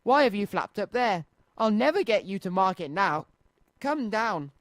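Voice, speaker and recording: A man's voice: sits high, very animated, moderate pace, fairly bright tone, no room sound, pitched above the performer's own voice. A man voicing Noddy, an eager and fretful little toy boy, in a children's storybook reading full of anxious exclamations.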